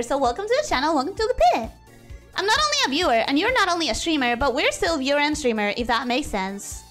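A woman's voice: high-pitched, quick pace, soft background music. A young woman streaming while she draws, chatting casually and rambling, often cutting herself off mid-sentence. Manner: rambling, self-interrupting, animated. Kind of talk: casual chat while drawing.

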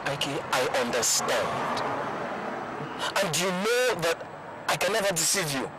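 An actor playing a loyal best friend with a Nigerian accent, firmly refusing to take part. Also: male voice, a little high, very animated, measured pace, heavy background noise. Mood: reproachful. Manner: firm, reproachful.

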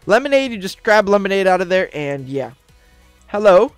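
A host narrating and bossing around a character during a game roleplay, excitable and bossy, with sudden bursts of yelling. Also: medium pitch, normal speed, smooth, no echo, soft background music. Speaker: roleplaying gamer and channel host.

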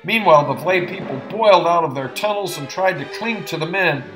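A man reading an adventure novel aloud in an expressive, dramatic narration. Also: a little high, fairly quick, music in the background. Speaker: audiobook narrator. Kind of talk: audiobook narration.

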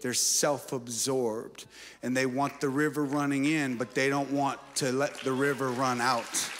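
A male pastor preaching a sermon, moving between shouted exhortations and playful asides. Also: mid-range voice, little pitch movement, a little slow, big-room sound, a little hiss or hum. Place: church auditorium.

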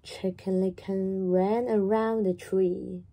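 A woman reading a children's story aloud in a slow, animated, sing-song way. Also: medium pitch, a little hiss or hum.

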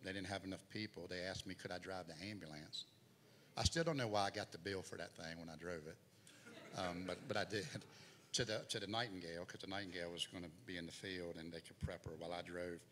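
A man's voice: deep voice, fairly quick, fairly bright tone. A middle-aged man preaching a testimony in a church, his voice swelling and dropping as he tells the story. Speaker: guest preacher. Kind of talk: sermon testimony. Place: church sanctuary. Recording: hall reverb, faint noise.

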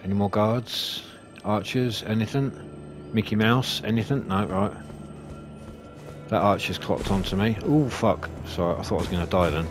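A man commentating his own gameplay, swearing and shouting at enemies as he plays. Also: lowish voice, moderate pace. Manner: sweary, excitable, talks to enemies. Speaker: gaming YouTuber. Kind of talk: let's play commentary. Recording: game music behind voice.

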